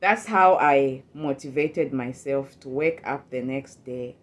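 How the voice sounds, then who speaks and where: A woman's voice: a bass voice, slow. A woman telling a personal story in a casual, emotional way. She often repeats words, restarts, and acts out her own past thoughts. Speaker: storyteller recounting a personal experience.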